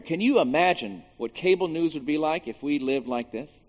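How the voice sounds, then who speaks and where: A man, a pastor, preaching a sermon in an animated way, swinging between hushed and loud moments, with jokey asides. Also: a little high, moderate pace. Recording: dull sound with long reverb in a large hall.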